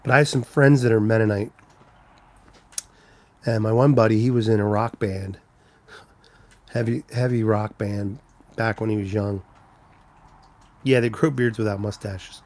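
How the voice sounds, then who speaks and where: A man's voice: fairly low pitch, fairly even intonation, measured pace, pauses often, darkish tone. A man on a casual live stream, telling rambling stories and answering viewers' comments. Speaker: trucker livestreaming, reading chat.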